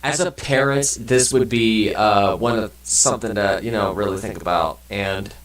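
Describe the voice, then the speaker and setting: Brief: low-voiced man doing loose, cussing let's play commentary in a roomy space. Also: moderate pace, distant mic. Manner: rambling, swears casually, many fillers. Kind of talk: casual gameplay commentary, reading game text aloud.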